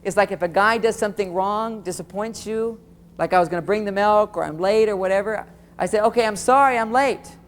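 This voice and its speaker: A man giving a live relationship seminar, animated and talking straight to his audience, often acting out quoted dialogue. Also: high-pitched, fairly quick, in a large hall.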